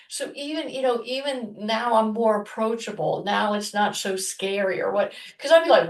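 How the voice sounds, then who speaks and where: A woman co-hosting a podcast, telling a personal story in a loose, rambling way with many restarts and soft murmurs. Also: fairly high pitch, normal speed, reverberant, distant mic. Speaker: podcast co-host. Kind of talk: casual chat, personal storytelling.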